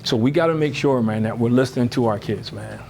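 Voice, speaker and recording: A man giving a lively motivational talk to parents, full of rhetorical questions and "you know.". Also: fast, gravelly, slight background noise. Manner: lively, emphatic, rising high when animated. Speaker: speaker on parenting.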